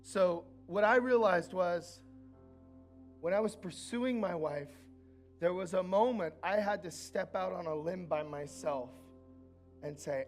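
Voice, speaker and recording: Earnest pastor preaching over soft music. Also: male voice, sits high, measured pace. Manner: earnest, swings from loud to soft intimate asides. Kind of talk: sermon. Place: church.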